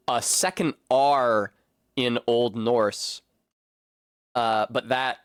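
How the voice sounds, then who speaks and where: A man's voice: medium pitch, no room sound, studio quality. A man streaming a video game, rambling casually and swearing as he goes off on tangents. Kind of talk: casual gaming commentary.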